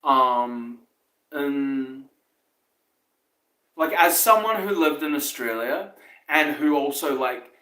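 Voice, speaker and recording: A man's voice: mid-range voice, slow, pauses often, pushed and bright, echoey room, low-quality recording. A man with a New Zealand accent, a podcast host rambling through a casual monologue full of swearing, fillers and chuckles.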